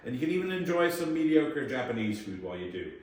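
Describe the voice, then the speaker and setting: A man leading a guided tour at a historic fort, lively and joking, often quizzing his group. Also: medium pitch, fast talker. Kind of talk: guided tour talk to visitors. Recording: echoey space, voice from a distance, faint noise.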